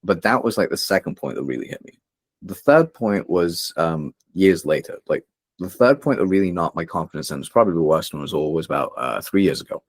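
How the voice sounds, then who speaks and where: Young guy on a podcast, low voice, earnest and emotional, lots of um and like, dry sound. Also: animated, brisk, dry recording. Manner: earnest and emotional, with frequent fillers and restarts. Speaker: podcast guest, copywriter. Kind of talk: candid personal storytelling in a conversation.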